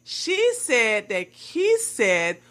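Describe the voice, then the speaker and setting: A woman commentator with a high, lively voice speaks slowly and with a bright edge. She mocks the claims she reviews and chats to her viewers as y'all. Her delivery stays sarcastic and pointed. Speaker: commentary vlogger. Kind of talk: scripted commentary.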